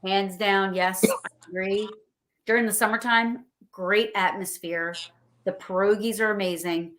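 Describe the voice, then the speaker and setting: A woman chatting casually on a livestream, telling stories excitedly and acting out what people said. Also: medium pitch, measured pace. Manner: excited, rambling storyteller acting out quotes.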